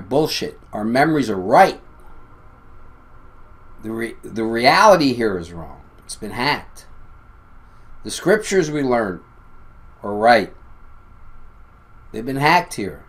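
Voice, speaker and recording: A man's voice: mid-range voice, big pitch swings, slow pace, pauses often. Insistent man talking to viewers. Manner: insistent, emphatic, often addressing viewers as "people". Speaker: video host. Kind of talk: casual monologue to camera.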